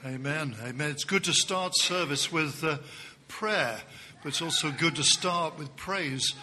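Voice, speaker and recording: A man leading worship in a church, softly introducing a song. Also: a little high, a little slow, a little hiss or hum. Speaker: worship leader.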